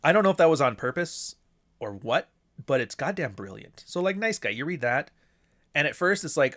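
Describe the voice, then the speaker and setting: A man's voice: mid-range voice, animated, brisk, fairly bright tone. A man hosting a podcast alone, rambling casually and swearing, with mocking asides. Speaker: podcast host. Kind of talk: casual solo monologue.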